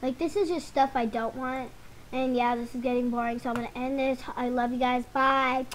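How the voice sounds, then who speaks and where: A woman's voice: high-pitched, fairly even intonation, normal speed, a little hiss or hum, poor audio. A young woman casually rambling to her viewers while sorting through game items. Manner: rambling, chatty, talks to viewers. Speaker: gaming channel host. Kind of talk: casual commentary over gameplay.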